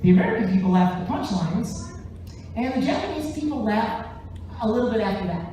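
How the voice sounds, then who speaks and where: Male stand-up comic telling a story on stage, animated, very echoey theater, distant mic. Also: high-pitched, fairly quick, a little hiss or hum. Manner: animated, jumps into voices. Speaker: stand-up comedian and musician. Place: large theater stage, live show.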